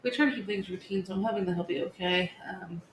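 A woman in her thirties, co-hosting a podcast in casual chat, telling stories in a chatty, animated way with many "like"s. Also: fairly low pitch, fast talker. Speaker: podcast co-host. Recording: echoey room with faint background hiss.

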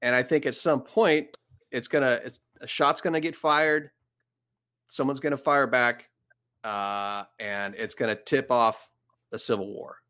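A man's voice: mid-range voice, fairly even intonation, bright, forceful tone. A man with a mid-range speaking voice talks in a casual podcast conversation. He often stalls and repeats words as he gathers his thoughts. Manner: halting, repeats words while thinking.

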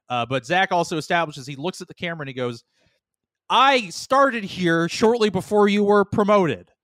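A man's voice: medium pitch, a bit bright, dry recording, clean studio sound. A man co-hosting a casual podcast chat, rambling and joking with frequent swearing. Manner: rambling, profane, jokey. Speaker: podcast co-host.

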